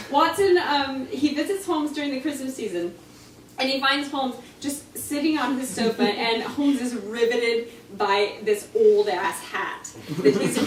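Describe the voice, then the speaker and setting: A woman author giving a chatty, laughing talk at a live reading in a bookstore. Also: high voice. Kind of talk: casual talk at a live book event. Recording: echoey shop, mic from far off, faint noise.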